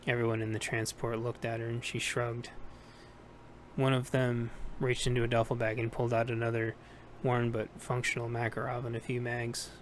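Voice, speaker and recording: Male audiobook narrator, even monotone reading, light hiss in the recording. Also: mid-range voice, normal speed. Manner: steady, plain reading with small self-corrections. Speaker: audiobook reader.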